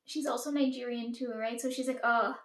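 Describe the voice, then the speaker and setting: A woman's voice: a little high, fairly even intonation, fairly quick, fairly bright tone. Chatty woman, roomy echo. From Caribbean. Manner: chatty, profane, fillers "like" and "right?". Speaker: storyteller. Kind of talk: casual storytime chat.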